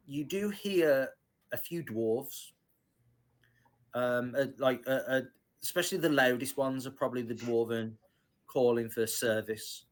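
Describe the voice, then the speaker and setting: A man running a tabletop fantasy game, explaining the world to his players. He talks slowly and hesitantly, with frequent ums and restarts. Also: mid-range voice. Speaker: game master.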